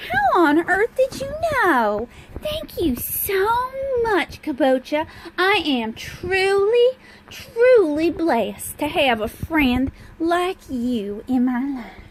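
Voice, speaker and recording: A woman's voice: sits high, big pitch swings, slow, a little hiss or hum, voice pushed up, heavily acted, rough recording. A woman voicing a fancy, syrupy Southern lady with a Southern accent and a sweet, exaggerated drawl, recorded on a handheld phone. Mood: mock-gracious. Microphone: cell phone held in hand.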